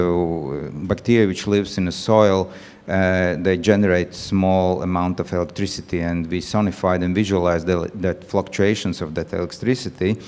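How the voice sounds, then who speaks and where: A man with a Latvian accent describes his artwork, pausing often on "uh" and reaching for words. His voice sits very low, and the room adds a long reverb. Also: darkish tone. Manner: halting, many "uh" pauses, non-native phrasing. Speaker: panel artist.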